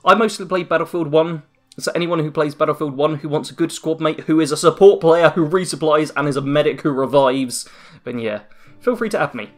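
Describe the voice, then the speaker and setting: A man's voice: on the high side, fairly quick. Rambling, self-mocking young man. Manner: rambling, self-deprecating, jokey asides. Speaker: YouTube channel host. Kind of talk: casual end-of-year update vlog. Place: dim room at home after a work shift.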